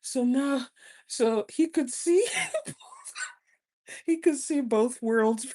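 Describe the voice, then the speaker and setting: A woman's voice: high-pitched, drawn-out words, warm tone. A woman giving spiritual advice in a playful, humorous monologue, laughing often between her phrases. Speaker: spiritual advisor.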